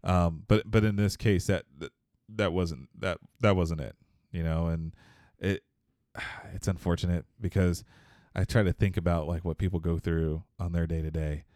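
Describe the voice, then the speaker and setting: A man's voice: sits low, fairly even intonation, moderate pace, darkish tone, no echo, studio quality. A man from Texas, telling a story in a casual podcast chat, rambling with many fillers and restarts.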